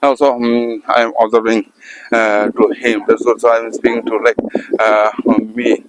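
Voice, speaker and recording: A man with an Indian English accent giving an unscripted motivational talk to camera, speaking haltingly with many fillers and repeated words. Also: medium pitch, level tone, heavy background noise. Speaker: English-practice vlogger. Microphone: camera mic.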